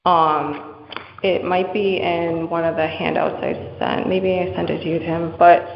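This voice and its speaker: Boston accent, gravelly voice, lots of "like", echoey meeting hall, kinda muffled. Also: medium pitch, steady tone, measured pace, slight background noise. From Massachusetts. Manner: chatty, frequent "like" fillers. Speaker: committee member presenting. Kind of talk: town meeting discussion. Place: town meeting room.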